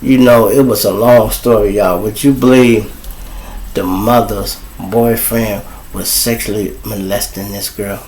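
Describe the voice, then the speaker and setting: A man with a Chicago accent, hosting his own show and telling a street story in casual slang, calling the listeners y'all and jumping high in pitch when he quotes people. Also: slow pace, slight background noise, rough recording. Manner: animated, jumps to high pitch for quoted lines. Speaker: storyteller host.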